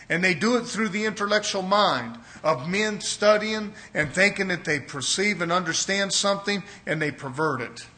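A man's voice: fairly high pitch, pushed and bright. A man preaching a sermon to his congregation, with emphatic, repetitive cadences that rise and fall in intensity.

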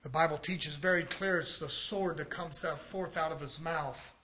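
High, bright-voiced shouting male preacher. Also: moderate pace, a little hiss or hum. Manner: swings from soft low passages to shouted exhortation; keeps addressing brothers and sisters. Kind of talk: sermon.

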